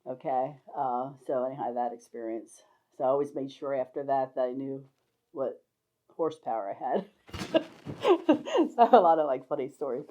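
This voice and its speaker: A woman's voice: rumbling low, normal speed, long pauses, mellow. An older woman telling rambling stories from her life, often breaking into laughter. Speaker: storyteller sharing life stories. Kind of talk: casual spoken memoir. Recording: dull lo-fi recording.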